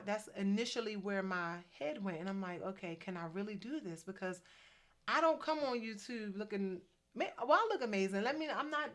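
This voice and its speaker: A woman in her fifties hosts a relaxed, faith-centered vlog, talkative and slightly preachy. Her pitch sits in the middle range, and she slips quick asides in between her points.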